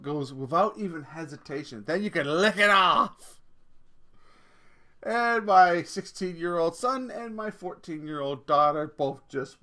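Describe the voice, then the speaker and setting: Pitched on the high side and a bit bright, the voice belongs to a Canadian podcaster in his forties. He spins stories conversationally, laughs often, and curses casually as he rants.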